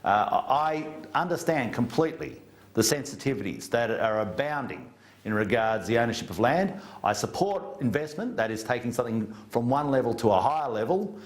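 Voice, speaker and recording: A man's voice: medium pitch, lively intonation, brisk. Australian male guest, plain-spoken, blunt, mid-range voice. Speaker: government minister as interview guest. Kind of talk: interview down a remote studio link.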